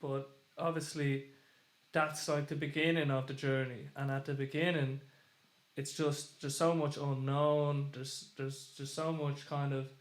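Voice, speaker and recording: A man's voice: mid-range voice, flat delivery, measured pace, roomy sound. A man hosting a podcast, talking candidly and sympathetically in casual interview chat. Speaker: podcast host.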